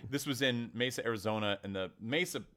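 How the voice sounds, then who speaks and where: A man's voice: medium pitch, fairly quick. A man co-hosting a podcast, talking in a heated, emphatic way during a casual discussion. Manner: animated, emphatic, heated storytelling. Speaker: podcast co-host.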